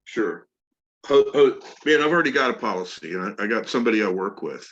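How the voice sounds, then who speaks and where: A man playing a hesitant homeowner prospect in a sales role-play, answering in halting bits. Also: on the low side, lively intonation, fairly bright tone, dull audio. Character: hesitant middle-aged male homeowner prospect.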